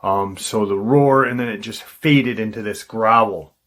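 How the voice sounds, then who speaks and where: A man hosting a paranormal channel, casually retelling a witness's encounter in a halting way, with frequent ums and restarts. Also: on the low side, a bit bright.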